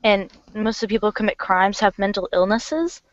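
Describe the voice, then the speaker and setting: A woman's voice: mid-range voice, brisk, no echo. A young woman, likely still in school, talking bluntly and scornfully as a guest in a casual livestream chat. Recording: dry, dull lo-fi audio.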